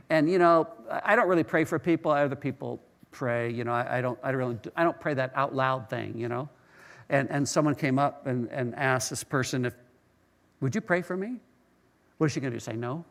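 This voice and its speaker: A middle-aged male pastor delivers his sermon in a voice pitched a little high. He talks in a storytelling way, often repeating a word or restarting a phrase before moving on.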